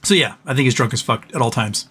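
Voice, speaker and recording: Male livestream host, loose rambling storyteller who swears freely; mid-pitched everyday voice. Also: quick pace, noisy background. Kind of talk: casual live-stream commentary.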